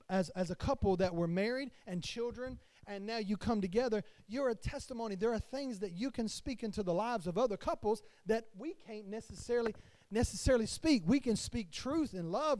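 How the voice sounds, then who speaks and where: A man, a pastor, preaching a sermon to his congregation with his voice rising and falling in loudness. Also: high-pitched, no room sound.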